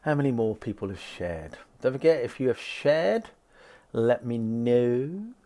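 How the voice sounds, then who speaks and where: A man's voice: mid-range voice, very animated, normal speed, a little mellow. A man doing a live tarot card reading, chatting upbeat with viewers and acting out little conversations. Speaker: psychic card reader.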